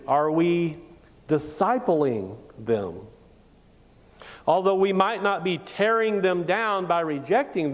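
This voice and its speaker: A woman pastor preaching a sermon and posing rhetorical questions in a deliberate way. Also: sits low. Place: church sanctuary. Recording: long reverb of a church hall.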